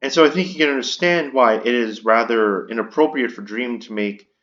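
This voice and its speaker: A man's voice: mid-range voice, fairly quick, a bit bright, dull audio, faint music behind. A man delivering an indignant commentary rant, stumbling and repeating words as he vents. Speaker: commentary YouTuber. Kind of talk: ranting commentary.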